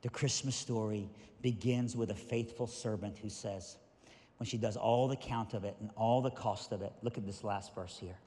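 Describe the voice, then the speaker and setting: A male pastor preaching a sermon with animated, emphatic storytelling, recorded in a reverberant church hall. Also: on the low side, normal speed.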